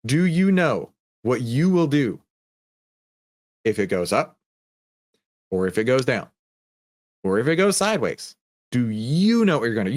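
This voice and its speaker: A man's voice: medium pitch, big pitch swings, measured pace, long pauses, a little mellow. Chatty male trading stream host. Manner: chatty, jokey, talks to chat viewers. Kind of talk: casual live trading commentary.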